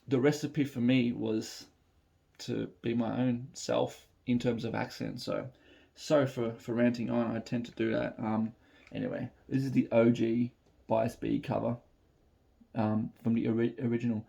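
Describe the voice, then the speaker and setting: A man's voice: mid-range voice, level tone, normal speed, vocal fry, warm tone. A man from Melbourne with an Australian accent, chatting casually and rambling with many fillers while reacting to music on a phone recording. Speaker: reaction video host.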